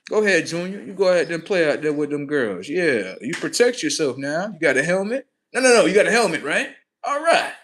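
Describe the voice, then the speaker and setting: A man hosting a livestream, telling a comic story in a profane, animated way and acting out the scenes. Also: a little high, brisk, slight background noise. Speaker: livestream host. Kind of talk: comedic storytelling monologue.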